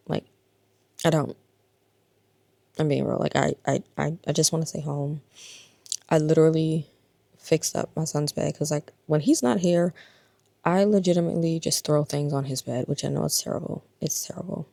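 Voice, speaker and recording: A worn-out woman in her thirties speaks to her vlog viewers in a low, gravelly voice. She sounds tired and confiding and drops at times into a breathy whisper. Her pitch barely moves, and the sound is close and dry. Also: fairly even intonation, moderate pace, long pauses, mellow, dry recording. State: exhausted and in pain. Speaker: vlogger. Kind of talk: casual personal vlog talk.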